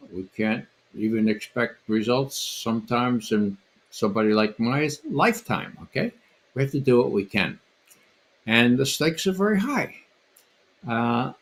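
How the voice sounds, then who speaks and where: An older man speaking as a guest panelist on a livestream, telling a story in an emphatic way and repeating his words. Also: mid-range voice.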